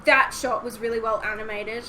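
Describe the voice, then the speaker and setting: A woman's voice: fairly high pitch, steady tone, moderate pace, pushed and bright, a little hiss or hum, poor audio. A young woman co-hosting a podcast in casual chat, enthusiastic and laughing often. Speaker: podcast co-host.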